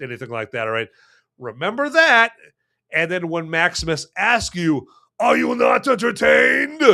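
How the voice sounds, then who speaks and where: A man hosting a podcast, reviewing a film in an animated, sarcastic chat full of "you know" and "okay?". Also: mid-range voice, clean tone. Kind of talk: casual chatty review.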